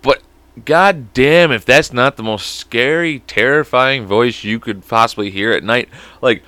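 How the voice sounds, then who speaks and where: A young podcast host rambles through casual chat, cursing a lot and bursting into quick laughs. His medium-pitched voice is bright and forceful, and the recording is dry.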